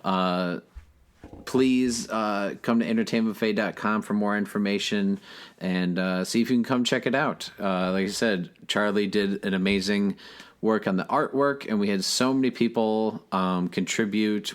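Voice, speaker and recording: A man co-hosting a podcast in casual chat, telling stories in a chatty, animated way. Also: lowish voice, normal speed. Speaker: guest co-host.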